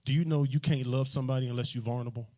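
A man's voice: medium pitch, steady tone, racing, warm tone. A man preaching a sermon in a loose, conversational, joking way, full of everyday slang.

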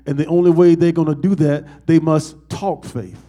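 A man's voice: a little high, fairly even intonation, normal speed, few pauses, dark tone. A man, a pastor, preaching a sermon to his congregation and asking them call-and-response questions.

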